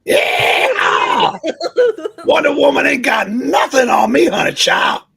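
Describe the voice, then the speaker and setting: A man voicing a female superhero as a loud, drawling southern belle in a comic book read-aloud, with a raspy voice. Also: fairly high pitch, wildly swooping pitch, moderate pace, voice pushed up, heavily acted. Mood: brassy. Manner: shouty, drawling, exaggerated.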